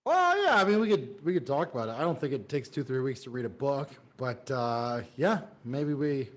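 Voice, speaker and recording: A man's voice: mid-range voice, sing-song, normal speed. A man co-hosting a casual podcast, sardonic and profane, laughing often as he talks. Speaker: podcast co-host.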